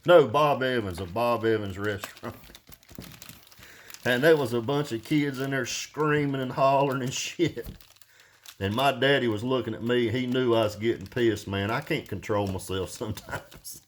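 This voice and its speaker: A man chats off the cuff while he checks out a new piece of car audio gear. He rambles from topic to topic, swears constantly, and tells his stories loudly in a jokey way. His pitch sits right in the middle for a man. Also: moderate pace, slight background noise. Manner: rambling, profane, loud and jokey. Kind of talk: casual unboxing chat.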